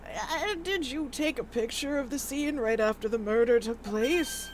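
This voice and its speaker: A woman voicing a meek elderly male judge, slow and mild. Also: a little high, a little hiss or hum, pitched below the performer's own voice, close to an everyday voice, poor audio.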